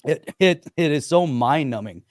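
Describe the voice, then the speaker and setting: A man's voice: on the high side, lively intonation, normal speed, a little mellow, no room sound, clean studio sound. A man hosting a casual political podcast chat, giving short agreements and then stating his opinions plainly. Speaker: podcast host.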